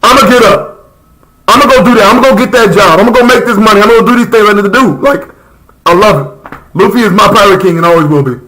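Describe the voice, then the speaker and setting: Passionate young man, high bright voice. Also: fast, low-quality recording. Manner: passionate, rambling, slangy. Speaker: reaction streamer. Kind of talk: casual live reaction chat.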